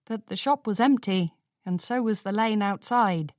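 A woman's voice: mid-range voice, a little slow, dry recording, studio quality. A woman narrating a storybook chapter expressively, acting out the lines of the characters. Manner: expressive, acts out dialogue. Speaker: audiobook reader.

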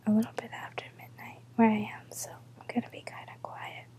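A tired, stuffed-up woman talking in a soft, rambling ASMR whisper late at night, close to the mic. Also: on the high side, completely flat delivery, fairly quick, low-quality recording. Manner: soft whisper, rambling with ums and little laughs.

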